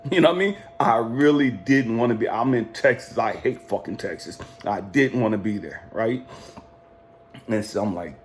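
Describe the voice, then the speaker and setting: A man's voice: mid-range voice, fairly quick, a little hiss or hum. A man from California telling a personal story in a casual, profane, defiant way, laughing often. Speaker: life coach vlogger.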